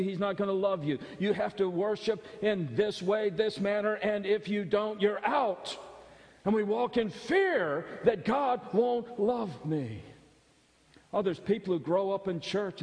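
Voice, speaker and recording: A man's voice: on the high side, a little mellow. A man preaching a sermon as pastor, emphatic and repetitive, his voice building in fervor. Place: church sanctuary. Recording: long hall reverb.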